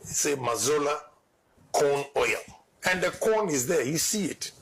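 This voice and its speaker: A man's voice: a little high, expressive, measured pace, a bit bright. A man explaining figures step by step in a played clip. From Ghana.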